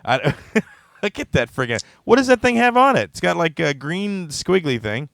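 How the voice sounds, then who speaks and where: A man hosting a casual comedy talk show from a studio, joking loudly and laughing often. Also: a little high, big pitch swings, moderate pace, gravelly, no echo. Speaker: show host.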